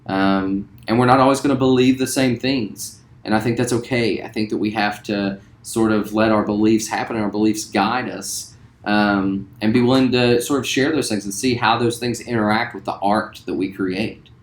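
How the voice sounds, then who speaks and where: A man in his forties from West Virginia, a theater teacher introducing himself to students in a relaxed, friendly way with lots of ums. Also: on the low side, moderate pace. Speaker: high school theater teacher. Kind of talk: recorded self-introduction to students. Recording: roomy echo.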